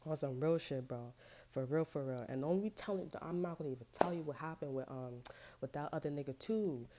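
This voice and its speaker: Low-voiced woman ranting in slang. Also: fairly quick, very noisy. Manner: profane, slangy and rambling. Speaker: vlogger. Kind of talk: casual storytime rant.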